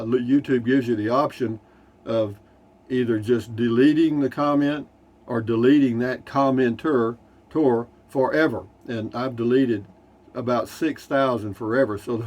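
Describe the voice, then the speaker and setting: A man's voice: mid-range voice, measured pace, a little mellow. An older man with a Texan accent, casually reading viewer comments from his motorhome, rambling and dryly joking. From Texas. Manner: folksy, rambling, dry humor. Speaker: RV vlogger. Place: inside a Class C motorhome.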